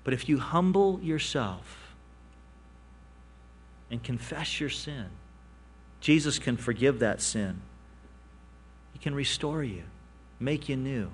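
Animated male pastor preaching. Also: medium pitch, unhurried, pauses often, husky. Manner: animated storytelling, rising for emphasis and dropping to quiet asides. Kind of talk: sermon.

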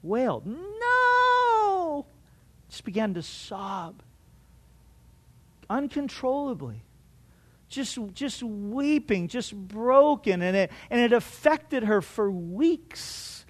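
High-voiced man preaching a sermon. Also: expressive, slow pace. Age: middle-aged. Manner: earnest storytelling with restarts and strong swings in loudness. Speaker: pastor.

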